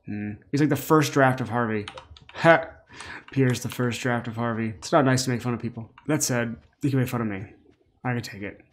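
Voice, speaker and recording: A tired man hosting a relaxed gameplay commentary, sassy and rambling with joking asides. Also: medium pitch, brisk, a little hiss or hum. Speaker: let's play host.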